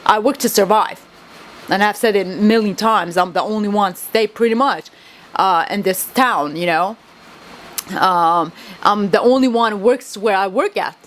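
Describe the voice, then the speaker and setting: A woman's voice: mid-range voice, unhurried, fairly bright tone, slight background noise. A woman whose first language is Kurdish, venting to camera in a rambling, agitated, swearing monologue that keeps circling back on itself.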